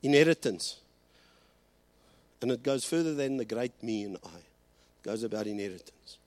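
A man preaching a sermon, moving between Afrikaans and English and slowing down to stress key lines. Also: mid-range voice, expressive, a little mellow, no room sound. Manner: switches between Afrikaans and English, slows and rises for emphasis. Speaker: pastor.

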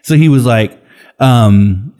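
A man's voice: mid-range voice, slow, dark tone. A man co-hosting a podcast in casual chat, rambling through stories with frequent swearing. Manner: rambling, swears freely, mimics others. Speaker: podcast co-host.

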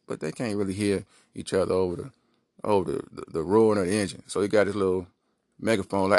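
A man's voice: low voice, fast, a little mellow, no echo, clean studio sound. A man hosting a podcast, telling a rambling comic story with lots of asides. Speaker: podcast host. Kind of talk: comedic monologue.

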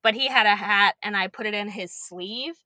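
A woman's voice: medium pitch, normal speed, bright, forceful tone, no room sound. A young woman and preschool teacher chatting as a podcast guest, telling stories animatedly and swearing casually.

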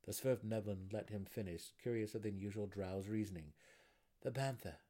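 Man, lowish voice, expressive dramatic reading, fantasy narration. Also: brisk.

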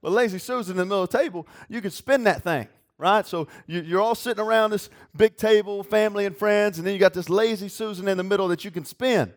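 A young man preaching a sermon, with a voice that sits a little high. He tells folksy stories and works himself up to excited shouts. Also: fast talker, hardly any pauses. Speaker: youth pastor preaching.

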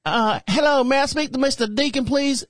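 A man putting on the voice of a brisk female clinic scheduler on a phone call. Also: high-pitched, no echo, clean studio sound, pitched above the performer's own voice, close to an everyday voice. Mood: polite. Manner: polite phone voice, clipped and businesslike.

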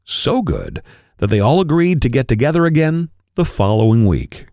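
A man, a podcast co-host, reading an erotic story aloud with expressive, varied delivery. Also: medium pitch, normal speed, no room sound, studio quality.

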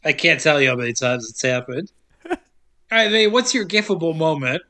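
A man's voice: a little high, brisk, sharp tone. Joking young man hosting a podcast. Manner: jokey, does mocking voices, laughs a lot. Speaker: podcast host. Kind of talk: casual chat.

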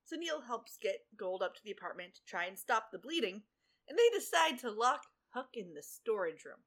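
Woman podcast co-host; chatty, sarcastic storyteller with a bright, expressive voice. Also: on the high side, moderate pace. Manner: animated storytelling, sarcastic asides. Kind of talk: casual recap chat.

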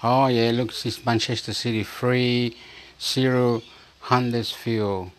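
A man's voice: medium pitch, little pitch movement, takes it slowly, a little hiss or hum. A man from Chile talking in a rambling, repetitive casual monologue, reading bits aloud from a screen as he goes.

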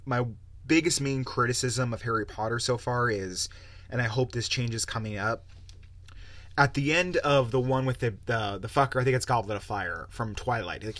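A man's voice: mid-range voice, fairly bright tone, no room sound. Profane, rambling young man podcaster. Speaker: podcast host. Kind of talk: casual solo podcast rant.

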